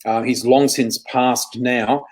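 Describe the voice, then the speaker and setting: A man's voice: mid-range voice, steady tone, takes it slowly, a little mellow, low-quality recording. A middle-aged Australian man, a guest psychic, telling anecdotes in a chatty, self-correcting way. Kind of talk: anecdotal interview storytelling.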